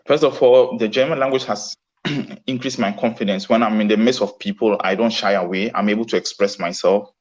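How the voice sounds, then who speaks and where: A man's voice: fairly low pitch, steady tone, brisk, muffled recording. A man answering interview questions earnestly, often restarting his sentences. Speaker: guest. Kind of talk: casual interview.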